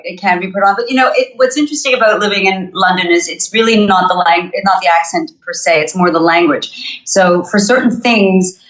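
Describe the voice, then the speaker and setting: A woman's voice: lowish voice, highs cut off. A woman from Canada with a North American accent, chatting as a podcast guest and telling stories with plenty of laughter. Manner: chatty, laughs often, storytelling. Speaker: guest singer. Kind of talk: casual interview chat.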